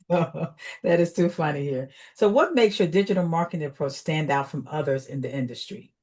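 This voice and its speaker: A woman's voice: low voice, moderate pace, darkish tone. A woman from Chicago hosting an interview, upbeat and affirming, laughing easily as she asks questions. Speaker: interview host. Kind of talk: conversational interview.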